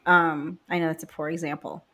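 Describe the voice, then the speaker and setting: A woman co-hosting a relaxed podcast chat. She tells stories in an animated way, acts out both sides of an argument, and breaks into laughter often. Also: deep voice, fairly quick. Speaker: podcast co-host. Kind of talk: casual chat.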